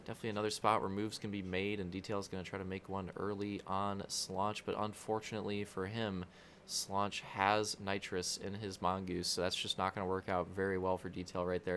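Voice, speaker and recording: A young man commentates a video game race in a casual, rambling way, full of jokes and crude asides. His voice sits a little low. There is a faint hiss of noise underneath. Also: a bit bright.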